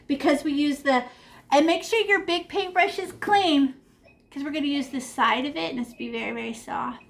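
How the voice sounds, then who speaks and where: A bright-voiced woman leads a children's painting class over a video call from her room at home. She sits high in her register and keeps up a lively, encouraging patter meant for young kids. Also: normal speed, vocal fry. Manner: animated, encouraging, talks to kids. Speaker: art teacher. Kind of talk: online art class for children.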